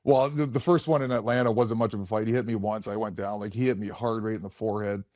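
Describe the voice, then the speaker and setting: A man's voice: fairly low pitch, fairly even intonation, fast, darkish tone, no room sound. Guy in his 30s telling hockey-locker-room style stories, laughs a lot, restarts sentences, dead dry sound. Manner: laughs often, loose and rambling with many restarts. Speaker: guest, former pro hockey player. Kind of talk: casual storytelling chat.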